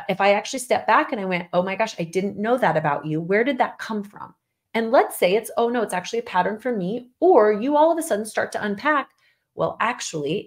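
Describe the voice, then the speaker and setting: A woman co-hosting a podcast, talking casually and emphatically with her husband, laughing often. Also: medium pitch. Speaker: podcast co-host. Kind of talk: casual conversation with spouse.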